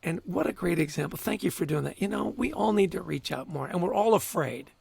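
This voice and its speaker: A high-pitched man with a gravelly, husky edge to his voice, talking as a guest in a casual interview. He tells stories in an animated way, stumbles over repeated words and laughs often. The sound is dry and close. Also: a little fast, no echo.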